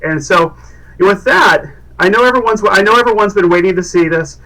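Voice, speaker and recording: A man's voice: high voice, fairly quick, bright, forceful tone, recorded from a distance, low-quality recording. A man hosting a casual livestream, upbeat and rambling, with lots of fillers and restarts. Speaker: livestream host.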